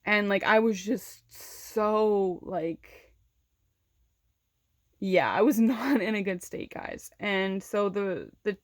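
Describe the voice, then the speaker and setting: A woman's voice: mid-range voice, slow pace, dry recording, studio quality. A young woman vlogger candidly recounting a personal story in casual speech, with many fillers and restarts. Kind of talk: storytime vlog.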